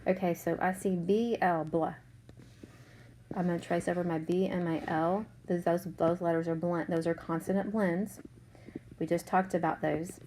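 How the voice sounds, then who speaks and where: Woman teacher, low-pitched, patient and slow, noisy recording. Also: steady tone, darkish tone. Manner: slow, patient, sounds out letters. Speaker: third grade teacher. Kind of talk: remote spelling lesson.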